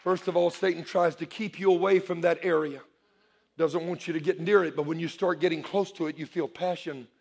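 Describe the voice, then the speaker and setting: Man, pastor, high-pitched voice, lively sermon, call-and-response, church. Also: a little fast, creaky. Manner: animated preaching that swells to shouts, call-and-response. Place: church before a congregation.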